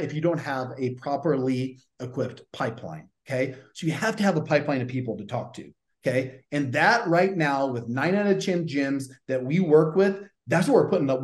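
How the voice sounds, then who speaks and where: A man with a Southern accent coaching gym owners in a punchy, pushy style. His voice sits a little high and bounces around an echoey room. He swears casually and drives every point home. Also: a little mellow. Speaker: gym business coach and podcast host. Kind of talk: energetic coaching talk.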